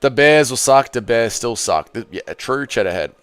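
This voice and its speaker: Blunt guy streamer reading chat, swears a lot, bouncy smooth voice. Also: medium pitch, lively intonation, moderate pace. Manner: blunt, sarcastic, swears freely. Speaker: livestream host. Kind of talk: casual livestream chat reading comments.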